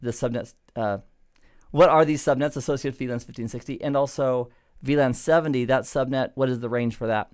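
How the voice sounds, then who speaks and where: A middle-aged man giving a relaxed, chatty networking lesson over a screen recording, with playful digressions. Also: medium pitch, brisk, smooth. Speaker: network instructor. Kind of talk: screen-recorded tech tutorial.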